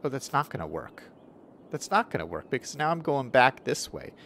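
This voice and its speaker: A man's voice: mid-range voice, very animated, moderate pace, a bit bright, a little hiss or hum. Guy streaming a city builder, talks to himself a lot, voice bounces up and down. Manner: thinks aloud, chatty, self-correcting. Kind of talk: casual gameplay commentary.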